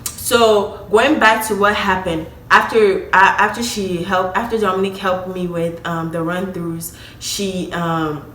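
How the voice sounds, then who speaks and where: Young woman vlogger, bright tone, echoey room, faint hum behind, casual emotional storytelling. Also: medium pitch, steady tone, unhurried. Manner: chatty, addresses viewers as y'all, emotional.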